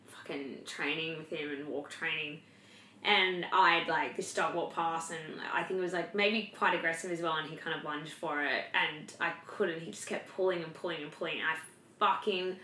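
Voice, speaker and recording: A woman's voice: lowish voice, bright, forceful tone, reverberant, slight background noise. A young woman in casual personal chat, candid and chatty, swearing freely and filling her talk with "like".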